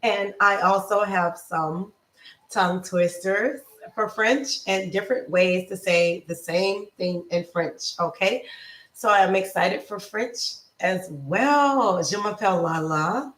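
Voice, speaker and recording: A woman hosting a casual livestream, chatty and upbeat, greeting viewers by name and wandering between topics, slowing down to pronounce foreign words. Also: a bit bright, echoey room, low-quality recording. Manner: slows down to pronounce foreign words with bursts of high pitch. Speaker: lifestyle and nutrition livestream host.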